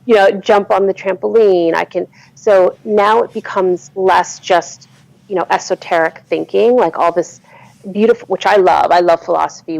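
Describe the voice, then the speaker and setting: A woman's voice: lowish voice, gravelly, a little mellow, dry recording, rough recording. A woman in her forties, a podcast guest in casual conversation, earnest and easy to laugh. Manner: earnest, laughs easily, acts out quotes.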